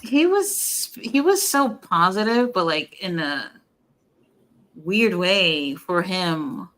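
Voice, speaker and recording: A woman co-hosting a live stream, chatting casually and running a trivia game with a relaxed, teasing manner. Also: on the low side. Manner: relaxed, unhurried, teasing chat. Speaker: co-host of a wrestling watch-along stream.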